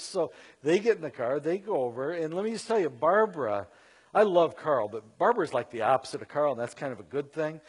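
Husky-voiced man telling a story. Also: a little high, brisk. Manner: animated, conversational, with frequent fillers. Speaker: Christian speaker. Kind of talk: storytelling talk.

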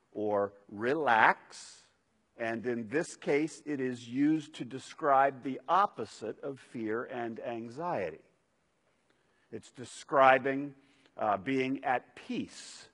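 Slow, emphatic preacher in a hall. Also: male voice, mid-range voice. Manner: emphatic preacher, repeating phrases with stress. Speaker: pastor. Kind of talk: sermon. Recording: reverberant hall.

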